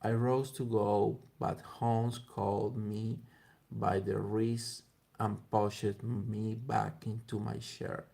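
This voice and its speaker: A man reads a classic story aloud in a low, very gravelly, husky voice. His delivery is flat and slow, halting and stumbling now and then. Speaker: reader.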